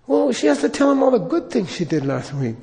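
A man voicing an excited elderly male Buddhist lama who talks in eager, delighted exclamations. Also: very high-pitched, brisk, gravelly, long reverb tail, pitched above the performer's own voice, exaggerated voice. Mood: curious.

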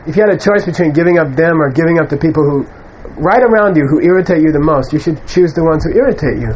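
A man's voice: fairly high pitch, quick pace, darkish tone, lo-fi sound, a little hiss or hum. A man giving an informal spiritual teaching, telling stories in a conversational way, with frequent "you know". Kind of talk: informal dharma talk.

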